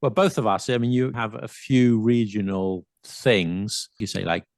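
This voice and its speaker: A man's voice: lowish voice, a little slow, no room sound, studio quality. A man with a southern English accent and a touch of London, chatting animatedly about accents and mimicking them playfully. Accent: southern English, slight London. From south of England. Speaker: podcast host. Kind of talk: casual chat about accents.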